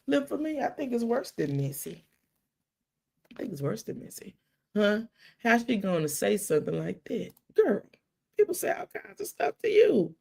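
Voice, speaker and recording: A middle-aged woman, hosting a live talk and telling stories animatedly, dropping to soft whispers and rising to loud exclamations. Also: on the low side, vocal fry. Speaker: livestream host.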